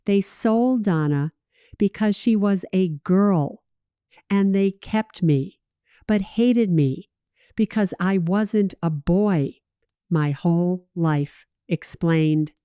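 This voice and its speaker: Calm, slow female storyteller. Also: lowish voice, clean tone, no room sound, clean studio sound. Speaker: first-person narrator. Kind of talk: scripted story narration.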